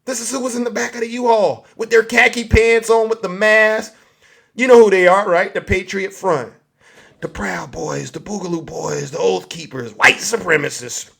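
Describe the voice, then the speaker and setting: Brief: man, fairly high voice, mocking political stand-up rant. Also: fairly even intonation, normal speed, vocal fry, fairly bright tone, husky. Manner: mocking, acts out scenes in put-on voices. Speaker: comedian.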